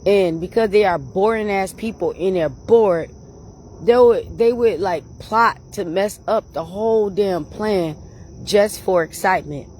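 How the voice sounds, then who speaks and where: A woman hosting her own channel, telling stories to her viewers in a casual, animated way, laughing often and calling them y'all. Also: medium pitch, a little slow, a little hiss or hum. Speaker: channel host.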